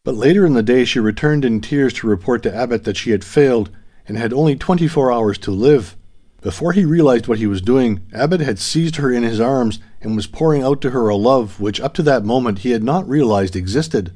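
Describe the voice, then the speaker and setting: An audiobook narrator, a man with a mid-range voice, reads an adventure novel aloud. His scripted storytelling is measured and even.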